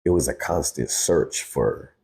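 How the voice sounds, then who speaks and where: Podcast guest, man in his 30s, very low voice, raw and candid storytelling. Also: unhurried, creaky, dark tone. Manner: candid, cursing freely, says "bro" often. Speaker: guest, hip-hop artist. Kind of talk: emotional personal storytelling.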